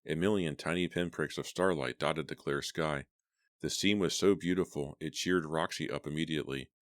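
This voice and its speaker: A man narrating a horror novel as an audiobook, steady and deliberate. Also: a bass voice, dry recording, studio quality.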